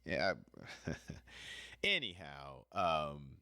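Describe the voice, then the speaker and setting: A man's voice: a bass voice, big pitch swings, extremely slow, sharp tone, no room sound, studio quality. A man telling a personal story in a casual, rambling way, talking straight to the listener and apologizing when he drifts off topic. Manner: chatty, talks straight to the listener.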